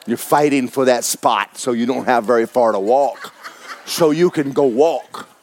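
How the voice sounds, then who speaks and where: A man, preaching a folksy, joking sermon that often jumps high in pitch for emphasis. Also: unhurried, a little mellow, slight background noise. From Florida. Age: 70s. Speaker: pastor.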